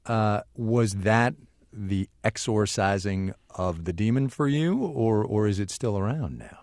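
Male interviewer, lower voice, easy prompting manner, dead dry sound. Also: a little slow, a little mellow, no room sound. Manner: leading questions, casual and prompting. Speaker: interviewer host. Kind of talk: conversational interview.

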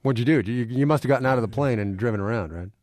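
A male radio host with a mid-range voice, brisk and conversational as he leads an interview. He sometimes stumbles over his words. The studio sound is completely dry. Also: mid-range voice, darkish tone, no echo.

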